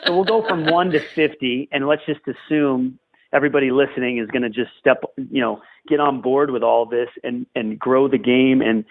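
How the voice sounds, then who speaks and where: A man speaking as a podcast guest, coaching parents in an earnest, emphatic way and hammering home key phrases. His voice sits at an average pitch. It comes through a narrow, tinny remote line that sounds like a phone call. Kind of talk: podcast interview, advice.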